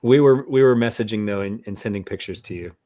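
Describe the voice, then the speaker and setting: A man's voice: fairly low pitch, fast talker, mellow, dry recording. A man hosting a casual video chat, friendly and hesitant, with many fillers. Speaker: host.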